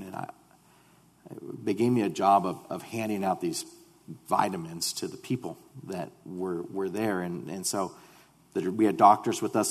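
A man with a very low voice recounts a testimony with earnest, animated feeling. He halts and repeats words as he goes. His voice rings with the long reverb of a large hall. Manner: halting, repeats words when starting sentences. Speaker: speaker sharing a mission testimony. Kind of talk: personal testimony to a congregation.

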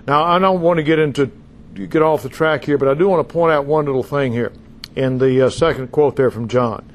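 A man's voice: on the high side, fairly quick, slight background noise. An older man preaching and teaching a congregation, folksy and emphatic, calling out questions to the room. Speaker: pastor and teacher. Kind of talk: sermon teaching.

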